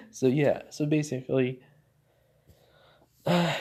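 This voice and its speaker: A man's voice: mid-range voice, steady tone, slow, a little mellow. Rambling man retelling a story. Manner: rambling, corrects himself often, many fillers. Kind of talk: casual retelling of a fan story.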